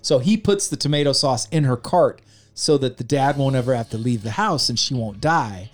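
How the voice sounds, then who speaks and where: A man's voice: medium pitch, expressive, normal speed, soft background music. A man co-hosting a podcast, casually recapping a movie, acting out scenes and laughing, with light swearing. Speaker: podcast co-host. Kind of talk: casual movie review chat.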